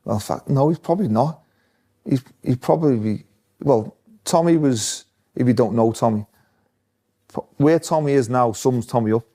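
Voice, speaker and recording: A man's voice: mid-range voice, normal speed, long pauses, warm tone. A man with an ordinary mid-range voice tells stories about a former teammate. He sounds amused and speaks in an easygoing, anecdotal way. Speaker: guest, former footballer. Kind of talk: casual storytelling chat.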